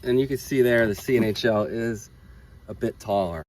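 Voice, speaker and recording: A man's voice: lowish voice, moderate pace, a little mellow, slight background noise, rough recording. A man hosting a hobby vlog, testing batteries outdoors and thinking aloud as he reads numbers, openly enthusiastic about the results. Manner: enthusiastic, thinking aloud while reading data. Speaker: RC hobby channel host. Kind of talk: casual hands-on testing vlog. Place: outdoors by a road with traffic.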